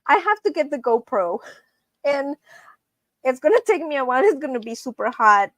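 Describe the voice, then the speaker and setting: A woman's voice: a little high, no echo. A woman hosting a casual live stream, chatty and laughing often as she talks to her viewers as friends.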